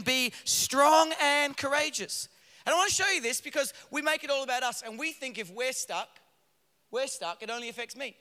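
High bright-voiced preacher in a big hall. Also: male voice. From Australia. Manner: swings between loud emphatic preaching and quiet low passages. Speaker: pastor. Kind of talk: sermon. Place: large church auditorium. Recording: long hall reverb from a church.

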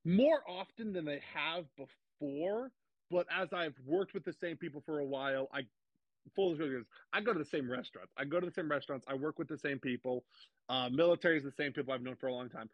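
A man's voice: fairly high pitch, fairly quick, no echo, lo-fi sound. A young man as an interview guest, talking eagerly and gushingly, repeating himself with lots of restarts. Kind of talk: casual interview chat.

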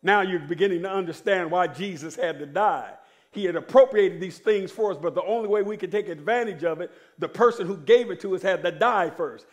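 A middle-aged man preaching a sermon as pastor, calling on the congregation to answer and stretching out key words. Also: high-pitched. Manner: preaching with call-and-response to the congregation; drawn-out emphatic phrasing when reading scripture.

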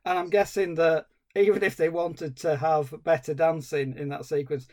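A man's voice: fairly high pitch, steady tone, normal speed, a little mellow. A man, co-hosting a film podcast in casual chat, ranting comically and swearing. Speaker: podcast co-host.

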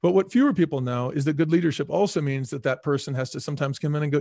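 A man's voice: mid-range voice, fast, gravelly, no echo, clean studio sound. A middle-aged man, a former business executive, telling stories as a podcast guest and acting out the voices he quotes. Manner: energetic, acts out quoted voices. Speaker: guest, former restaurant chain CEO. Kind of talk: animated storytelling in a podcast interview.

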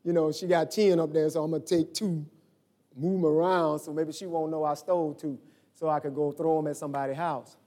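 A man preaching a sermon as pastor, telling stories and acting out the voices in them, swinging from shouts to low asides. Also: little pitch movement, brisk.

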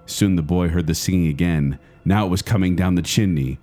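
Middle-aged dude on a podcast, lowish voice, spooky storytelling and easy chat. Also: male voice, fairly quick. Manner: dramatic hushed storytelling, then lively chat. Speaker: podcast co-host.

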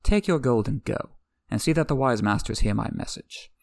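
A man reading the lines of a cool, proud young female queen in a calm, imperious way. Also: mid-range voice, moderate pace, vocal fry, no echo. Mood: commanding.

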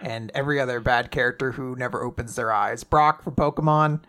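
Guy on a podcast recapping a manga, acts out the lines, really bright tense voice. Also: medium pitch, a little fast. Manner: animated, acts out characters' lines. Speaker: podcast co-host. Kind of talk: casual chat retelling a manga.

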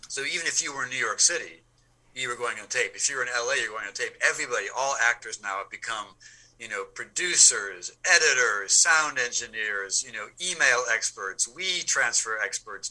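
A man talks casually in an interview about his acting work, his voice very bright and forward. He is animated, repeats himself as he builds a point, and speaks in a relaxed conversational way. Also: medium pitch, rough recording. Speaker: actor, interview guest.

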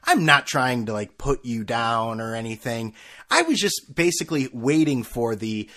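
This podcast host's medium-pitched voice sounds pushed and bright, with lively intonation at a normal speed. He rambles through a self-mocking comic story, restarting it many times.

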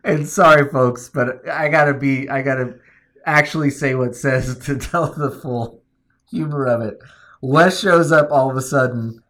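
Male podcast co-host, casual, animated storyteller who laughs through his jokes. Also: mid-range voice, unhurried. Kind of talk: casual chat.

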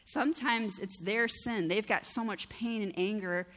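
A woman pastor delivers a sermon in a chatty, conversational manner, often turning to her listeners with "right?" Her voice sits at an ordinary middle pitch for a woman. The sound has the long reverb of a church hall. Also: a little slow, a bit bright.

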